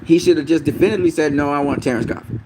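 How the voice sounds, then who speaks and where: A man's voice: a little high, racing, background noise. A man giving a casual, profane, emphatic rant as a boxing commentator.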